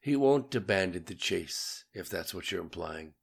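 A man voicing a confident male strategist in an audiobook, brisk and self-assured. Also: sits low, lively intonation, vocal fry, husky, full character voice. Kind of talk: audiobook character reading.

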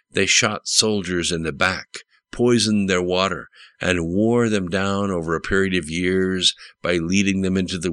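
Male narrator doing a stern battle-hardened general, deep voice, bright tone, blunt measured delivery. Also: no room sound.

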